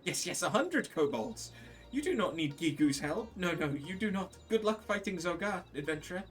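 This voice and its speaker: A man reads game lines for a small male kobold who cowers, frets and begs, his voice repeating and leaping into high, panicky wails with wide pitch swings. The performance is animated and moderately paced, recorded far from the mic over faint music.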